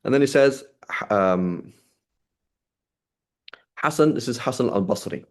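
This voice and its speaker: A man's voice: medium pitch, animated, a little slow, darkish tone. A man teaching a religious class in a conversational way, often checking in with "right?" and explaining old texts in plain words. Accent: British English. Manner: conversational, asks "right?" often, reads Arabic then paraphrases. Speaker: Islamic studies teacher. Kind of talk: class lecture on a classical text.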